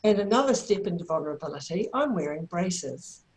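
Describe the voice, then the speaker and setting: Woman, New Zealand accent, lowish pitch, calm and guiding, video call, trainer. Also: a little fast, poor audio. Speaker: therapy trainer. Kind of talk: online workshop presentation.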